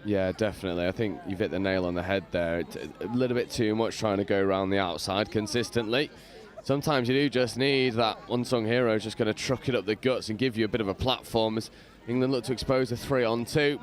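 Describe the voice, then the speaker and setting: A man giving lively play-by-play commentary from a balcony at an outdoor sports ground, with casual slang. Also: fairly low pitch, fairly quick. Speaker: match commentator.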